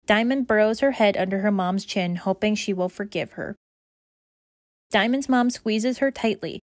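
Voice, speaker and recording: A woman reading aloud children's stories in a bright, expressive, rhythmic way. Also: medium pitch, moderate pace, no echo, clean studio sound. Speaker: children's story reader. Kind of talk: read-aloud storytelling.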